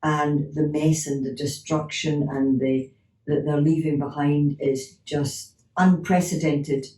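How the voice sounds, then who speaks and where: Middle-aged woman hypnotherapist, mellow lively storyteller, recorded in an echoey room a little off the mic. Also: low voice, takes it slowly, distant mic. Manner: lively anecdotes with acted-out dialogue and laughter. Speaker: clinical hypnotherapist. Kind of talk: storytelling in an interview.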